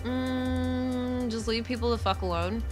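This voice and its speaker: A woman's voice: on the high side, steady tone, slow, over music. A woman streaming live, chatting casually and answering her chat with frank, profane talk.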